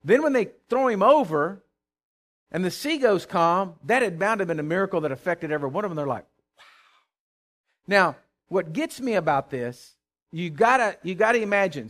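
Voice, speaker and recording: A man preaching a conversational sermon, reading scripture aloud and commenting with animated asides and repeated words. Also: high voice, brisk.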